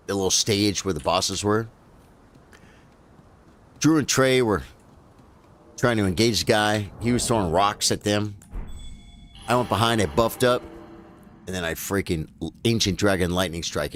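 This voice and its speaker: An excitable man giving live gameplay commentary on his stream, his pitch leaping around a lot. He chats casually and then bursts into high, loud yelps in the heat of a fight, with a faint hum behind him. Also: unhurried, long pauses. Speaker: game streamer.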